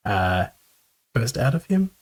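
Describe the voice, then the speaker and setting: A man's voice: medium pitch, very animated, slow, husky. A man co-hosting a casual film-review podcast, chatty, laughing often and restarting his sentences. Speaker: podcast co-host.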